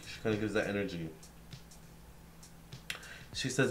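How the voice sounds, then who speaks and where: A man's voice: lowish voice, expressive, normal speed. A young man giving a casual psychic reading, relaying what a spirit tells him with many fillers and restarts. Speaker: tarot reader.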